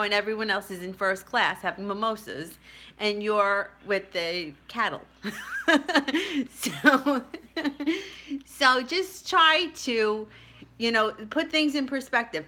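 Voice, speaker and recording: Speaking to camera, this middle-aged spiritual vlogger and tarot reader rambles through a personal story and keeps laughing at her own expense. Her voice is a little high, bright and forceful, and a faint hiss or hum runs under the recording.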